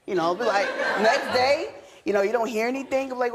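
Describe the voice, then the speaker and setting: A woman testifying as a litigant in a televised courtroom, telling her story in an animated way and acting out what she said. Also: on the high side, fairly quick, few pauses, slightly rough.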